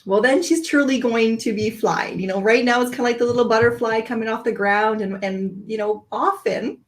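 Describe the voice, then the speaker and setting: A woman's voice: fairly high pitch, a little fast, low-quality recording. A woman guest on a podcast, speaking in a reflective, musing way and often saying "you know". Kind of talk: casual podcast conversation.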